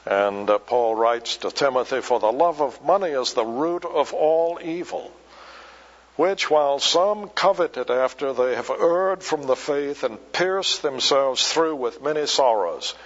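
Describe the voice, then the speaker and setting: A man preaching a sermon, slow and emphatic, repeating key words for weight. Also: medium pitch, lively intonation, big-room sound. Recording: dull lo-fi recording.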